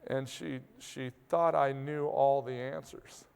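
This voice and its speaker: A man speaks candidly to a live audience. He talks slowly and plainly, stopping and restarting mid-thought. His voice is gravelly yet smooth, carried by the long reverb of a large hall. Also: medium pitch, steady tone, a little mellow. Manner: open, plainspoken, halting with restarts. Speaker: agricultural producer speaking to an audience. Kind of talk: candid personal talk.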